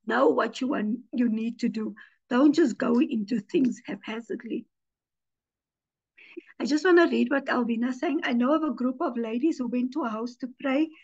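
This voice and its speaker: A woman pastor preaches with lively storytelling, slipping into the voices of the people she quotes. Her voice sits a little high for a woman's. The audio is muffled and lo-fi. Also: normal speed, vocal fry, slightly rough. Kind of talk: teaching sermon with personal stories.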